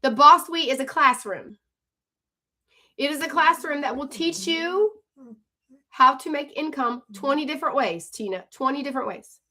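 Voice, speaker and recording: A woman hosting a live stream as an online coach, talking fast and chatty and greeting viewers by name. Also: high voice, lively intonation, bright, forceful tone. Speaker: livestream host and online coach. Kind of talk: live stream chat and sales pitch.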